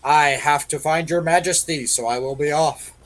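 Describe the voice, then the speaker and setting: A man's voice: a little high, moderate pace. A man playing a tabletop game, bantering playfully and flirting in character. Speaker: player. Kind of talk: casual tabletop play.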